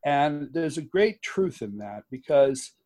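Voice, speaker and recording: Emphatic man, slightly high voice. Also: big pitch swings, slow, a little mellow. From United States. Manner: emphatic and passionate, with frequent laughs and restarts. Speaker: guest author and activist. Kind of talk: conversational interview.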